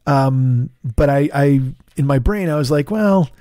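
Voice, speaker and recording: A middle-aged man hosting his podcast alone, with a hoarse, tired throat, rambling casually with profane, self-deprecating asides. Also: medium pitch, fairly even intonation, unhurried, dark tone, no room sound, clean studio sound. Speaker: podcast host. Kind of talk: casual solo podcast chat. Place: home studio in Los Angeles.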